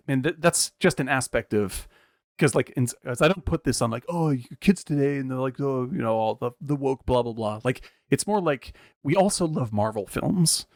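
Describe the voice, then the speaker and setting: A man with a gravelly, creaky voice chatting on a movie podcast. He rambles through his thoughts, laughs easily and swears freely. The sound is dry and close. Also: medium pitch, no echo. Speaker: podcast co-host. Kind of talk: casual movie podcast chat.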